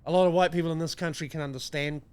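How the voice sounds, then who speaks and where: New Zealand man, high voice, sweary, sardonic ranting, podcast banter. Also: fairly even intonation, very fast, smooth. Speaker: podcast co-host. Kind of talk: crude casual banter.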